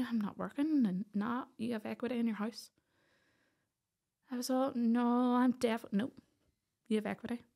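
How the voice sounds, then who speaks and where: A Northern Irish woman in her thirties, a podcast guest telling a personal story in an animated way and acting out the voices of the people in it. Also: on the high side, gravelly. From Northern Ireland.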